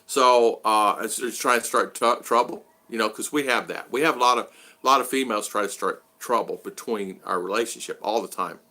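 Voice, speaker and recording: Middle-aged American man, bright rambling livestream host, talks in loops. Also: lowish voice, fairly quick. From United States. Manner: rambling, repeats himself. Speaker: vlogger. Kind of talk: casual livestream chat.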